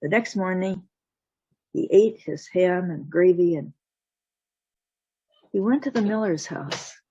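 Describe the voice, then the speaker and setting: A woman storyteller telling a folktale slowly and deliberately, voicing the sound effects herself over a video call. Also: on the low side, dark tone, slightly rough, no echo. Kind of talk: told folktale. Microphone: video call mic. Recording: dull lo-fi call audio.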